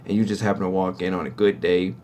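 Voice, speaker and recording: A man speaks fast in a low, fairly flat pitch, slightly mellow, with a little hiss or hum on the recording. He owns a cleaning company and casually instructs viewers on winning sales contracts, often adding "right?".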